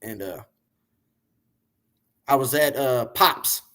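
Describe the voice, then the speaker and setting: A man being interviewed, telling long, animated, profane stories about the music business in a casual way. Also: medium pitch, slow. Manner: animated, profane, rambling storyteller. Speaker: interview guest, music industry figure.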